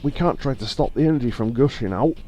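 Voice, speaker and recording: A man's voice: mid-range voice, lively intonation, fast, darkish tone, dull audio, soft background music, lightly acted. A man putting on a Scottish company man. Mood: worried.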